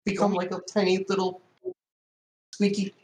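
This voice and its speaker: A player chatting quickly and animatedly during a tabletop game. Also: medium pitch, monotone, a little mellow, roomy sound, rough recording. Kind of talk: casual tabletop play.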